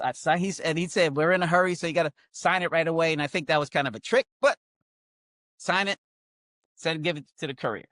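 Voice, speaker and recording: An older man, a comedian, tells an animated, wry story about his own past. His voice sits a little high for a man, and he slips into quoted voices as he goes. The sound is close and dry, with no room echo. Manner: animated, acts out quoted voices, many fillers like blah blah; wry, self-mocking humor. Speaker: comedian guest. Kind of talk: storytelling anecdote in casual chat.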